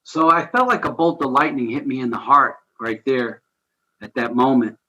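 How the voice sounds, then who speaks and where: A man's voice: medium pitch, normal speed, low-quality recording. A man guest on a podcast, telling a personal story in an earnest, conversational way. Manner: earnest, conversational, animated retelling with chuckles. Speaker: guest, ministry founder.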